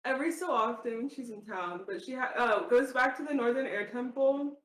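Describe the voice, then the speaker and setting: A woman playing a tabletop game, telling her character's story in an unhurried, giggly way. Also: fairly high pitch. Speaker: player. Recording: roomy echo.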